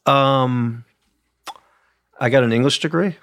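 A man's voice: mid-range voice, takes it slowly, fairly bright tone, no echo, studio quality. A man from Oklahoma, a wine critic guest on an interview show, telling long, rambling stories full of asides. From Oklahoma, USA. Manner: rambling storyteller with many asides. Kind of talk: conversational interview.

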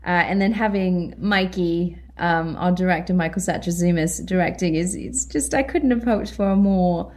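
A woman with a British accent, a guest actress chatting in an interview, animated and quick to laugh as she acts out what people said. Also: on the low side. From Britain. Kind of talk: casual interview chat.

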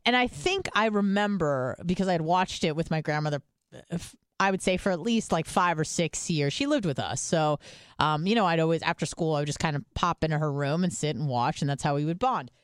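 A woman co-hosting a talk podcast, rambling through stories in relaxed, unfiltered chat with plenty of swearing. Her voice sits a little low for a woman, and the recording is close and dry. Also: a little fast, clean tone, no echo. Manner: chatty storytelling, swears freely. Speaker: podcast co-host. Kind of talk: casual chat.

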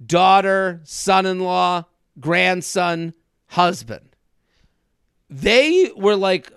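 A man in his thirties hosting a podcast, telling a comedic story in an animated way and acting out other people's lines. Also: high-pitched, unhurried, dry recording, studio quality. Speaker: podcast host. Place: studio.

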